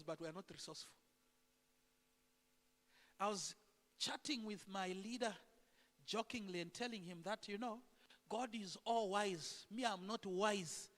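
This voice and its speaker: A man preaching a sermon in a church, animated and full of rhetorical questions to the congregation. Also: sits high. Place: church sanctuary. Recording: echoey church hall.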